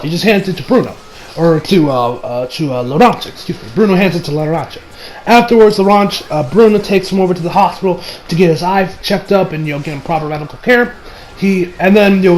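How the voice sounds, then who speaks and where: A man's voice: sits high, a little hiss or hum, rough recording. An American man, a young adult, recapping an anime episode in a rambling, profane, casual way, with many fillers and restarts. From United States. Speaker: anime reviewer.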